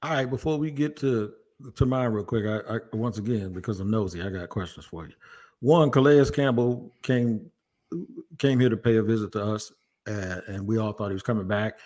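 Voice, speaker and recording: A man hosting a casual sports podcast, talking in an animated, jokey, rambling way. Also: lowish voice, moderate pace. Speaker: podcast host.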